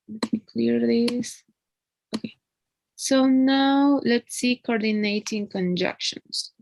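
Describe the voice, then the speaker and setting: Slow, gravelly woman teacher. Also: on the high side, no echo, rough recording. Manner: patient explaining, frequent tag "no?". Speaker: English teacher. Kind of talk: one-on-one online English lesson.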